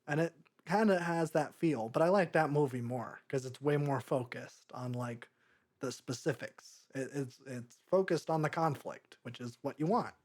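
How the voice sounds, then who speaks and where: A man's voice: mid-range voice, a little mellow. Rambling young man reviewing a movie. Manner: rambling, halting with many fillers. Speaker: podcast co-host. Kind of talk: casual movie review chat.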